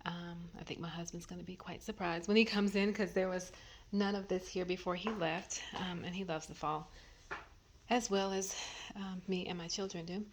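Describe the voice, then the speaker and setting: Woman home vlogger, low-pitched and soft, half-whispered musings on a phone camera in her bedroom. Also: steady tone, normal speed, slight background noise. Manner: rambling, many ums and trailing thoughts. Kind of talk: casual thinking-aloud vlog.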